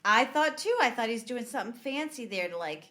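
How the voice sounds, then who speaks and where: A woman's voice: a little high, expressive, brisk, pushed and bright. A woman co-hosting a podcast, chatting casually as she recounts film scenes and laughs along with her co-host. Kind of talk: casual movie-recap chat.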